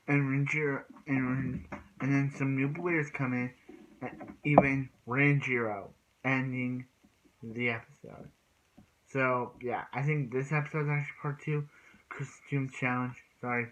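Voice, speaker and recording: A man's voice: medium pitch, fairly bright tone, slight background noise, low-quality recording. A man casually recapping an anime episode as a reviewer, rambling with frequent restarts and "he's like" retellings.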